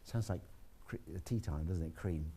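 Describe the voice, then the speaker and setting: Man, lecturer, low voice, mellow, chatty classroom talk. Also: moderate pace, slight background noise. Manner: relaxed, chatty, with fillers and asides to the class.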